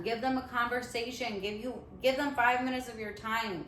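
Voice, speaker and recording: A woman's voice: on the high side, fairly even intonation, moderate pace, few pauses, a bit bright, roomy sound, slight background noise, low-quality recording. A woman hosting a podcast from her apartment, talking in a heartfelt, earnest way and offering faith-filled encouragement. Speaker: podcast host. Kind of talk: casual inspirational talk. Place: apartment room at home.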